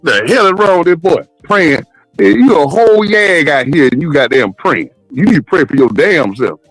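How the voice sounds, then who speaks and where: A man's voice: fairly high pitch, animated, moderate pace, a bit bright, dry recording, soft background music, poor audio. A man in casual panel chat, crude and mocking, laughing as he talks. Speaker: panel caller.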